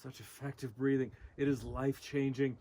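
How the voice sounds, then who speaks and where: A man's voice: mid-range voice, little pitch movement, moderate pace, background noise. A man leading an outdoor abs workout, counting reps and cueing breaths with upbeat energy. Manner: upbeat, coaching, cues breathing. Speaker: fitness instructor. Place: outdoors among rocks.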